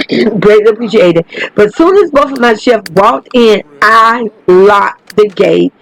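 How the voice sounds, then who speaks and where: This gaming channel host is a woman with a mid-range, expressive voice that is creaky yet fairly bright, delivered at a measured pace on a rough recording. In casual commentary on her life-simulation game, she chats, curses liberally, and keeps turning toward her viewers.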